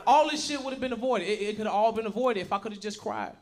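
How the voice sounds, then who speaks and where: A man doing a profane, animated stand-up comedy set, acting out voices as he tells stories. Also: sits high, fast. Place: comedy club stage before a live audience. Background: audience laughter.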